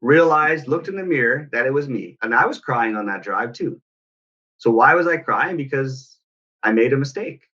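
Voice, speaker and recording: Earnest bright-voiced man telling a story. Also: medium pitch, animated, moderate pace, dull audio. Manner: earnest, reflective storytelling with restarts. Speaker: parenting coach. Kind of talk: personal story in casual talk.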